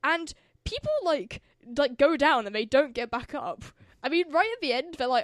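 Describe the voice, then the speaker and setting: A woman's voice: high voice, very animated, moderate pace, hardly any pauses, no echo, clean studio sound. A woman hosting a podcast, chatting casually and rambling with lots of fillers. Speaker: podcast host. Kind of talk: casual chat.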